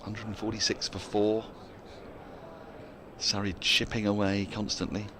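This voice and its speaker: A man's voice: lowish voice, flat delivery, measured pace, noisy background. A man giving live cricket commentary in a chatty way, laughing often and reading out listener emails between the play.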